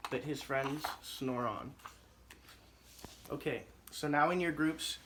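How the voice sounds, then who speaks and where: This is a male teacher reading a rhyming picture book to his class with a bouncy, sing-song rhythm. His voice sits a little high for a man. There is a soft hiss in the background.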